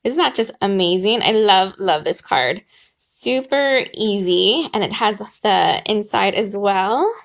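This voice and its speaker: With a slow, expressive delivery and some vocal fry, a woman with a mid-range voice leads an informal live card-stamping class. She stays cheerful and talkative, apologizing and laughing often while setting things up.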